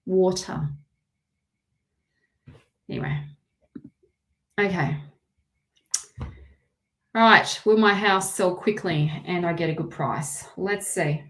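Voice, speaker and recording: A woman's voice: fairly low pitch, a little slow, few pauses, a bit bright. A woman with an Australian accent giving a live tarot reading, chatty and rambling, with lots of restarts. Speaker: tarot reader.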